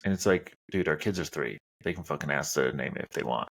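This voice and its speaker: A man's voice: a bass voice, lively intonation, brisk, gravelly, a bit bright. A man in his thirties hosting a casual podcast chat, blunt and opinionated, swearing casually. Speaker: podcast host.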